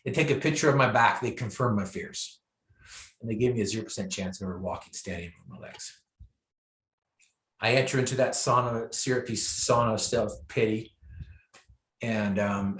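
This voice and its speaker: This is inspirational storytelling from a male motivational speaker, who speaks emphatically and repeats key lines for impact. His voice sits fairly low with a fairly bright tone, and the room echoes.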